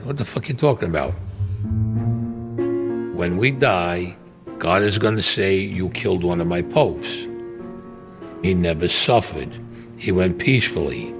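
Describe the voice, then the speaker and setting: A man's voice: low-pitched, lively intonation, a little slow, pauses often, over music. A man, telling a story bluntly and profanely in an interview. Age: 70s. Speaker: interview guest.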